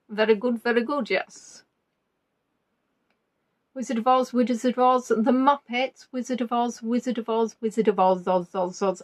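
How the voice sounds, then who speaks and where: A woman's voice: on the high side, a bit bright. A woman hosting a quiz, chatty and teasing, reading out answers as they come in. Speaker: quiz host. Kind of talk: live online quiz chat.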